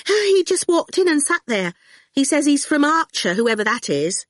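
A jittery young woman student who frets over every word, as a woman narrator puts her on. Her voice rides high and lively. It is dry and close. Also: normal speed, no room sound. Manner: fretful, fidgety.

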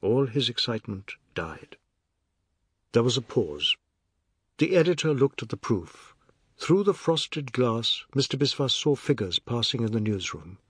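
A male audiobook narrator reads at a measured, descriptive pace. His voice is husky, with a lively, shifting pitch. It sounds close and dry, with no room around it. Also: no room sound.

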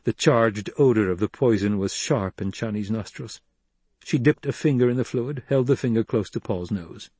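A man reading an audiobook in measured, even scripted narration. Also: lowish voice, slightly rough, dry recording.

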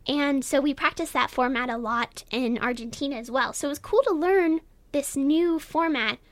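A young woman with a notably high, girlish voice speaks as a radio guest. She is chatty and self-deprecating, often breaking into laughs, and the studio sound is close and dry. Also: normal speed, no echo. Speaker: guest, student radio presenter. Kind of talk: casual radio interview.

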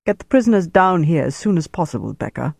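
Stern german army major giving orders, mellow and low-key , as a guy reading a novel puts him on. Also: very animated, fast talker, no echo, heavily acted. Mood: commanding. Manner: crisp tone of authority.

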